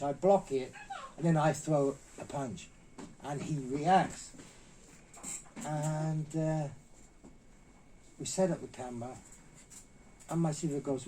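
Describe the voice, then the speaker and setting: Animated storytelling man, fairly high voice. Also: slight background noise, poor audio. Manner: animated, acts out quotes with raised voice. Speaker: interview guest, martial artist. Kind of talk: anecdotal storytelling.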